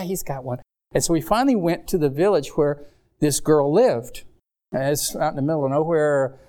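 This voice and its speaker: A man preaching a sermon, telling stories in a rambling, animated way with many restarts. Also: on the high side. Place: congregation in Mexico.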